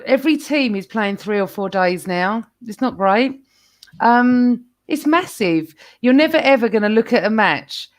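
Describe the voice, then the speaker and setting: Emphatic woman, casual podcast guest. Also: on the high side. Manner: emphatic, repeats herself.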